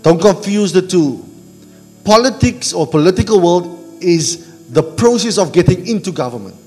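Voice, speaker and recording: Middle-aged male pastor, call-and-response sermon, slightly high voice, church hall echo. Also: lively intonation, moderate pace, a little mellow. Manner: call-and-response preaching, asks the congregation to finish verses. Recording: church hall reverb with music.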